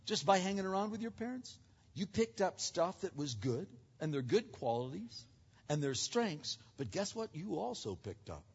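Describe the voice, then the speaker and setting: A man's voice: sits high, very animated, moderate pace, slightly rough. A man preaching a sermon, talking to his congregation conversationally and asking them questions directly. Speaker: pastor. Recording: muffled recording in a reverberant hall.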